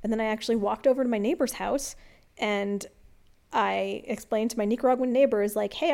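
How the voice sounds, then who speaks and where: A woman vlogger telling a personal story in an earnest, confiding and reflective way, dropping to a calm hush when she quotes herself. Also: medium pitch.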